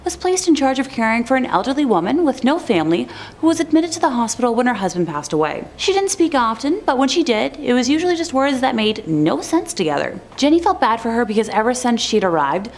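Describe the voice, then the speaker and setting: A woman's voice: fairly high pitch, big pitch swings, fast talker. A woman narrating scary stories in a chatty, scripted way with wry asides.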